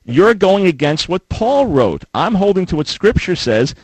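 A man's voice: high-pitched, big pitch swings, a little slow, husky, no room sound, rough recording. Middle-aged man, radio host, emphatic, repeats for stress, dry studio sound. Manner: emphatic, quotes scripture, repeats phrases for stress. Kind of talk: call-in talk radio debate. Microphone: studio microphone.

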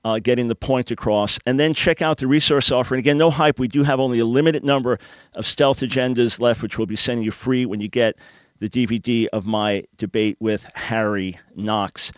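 A man's voice: medium pitch, fairly even intonation, brisk, no echo. A man hosting a call-in talk radio show, explaining points in a teaching, emphatic way with everyday analogies.

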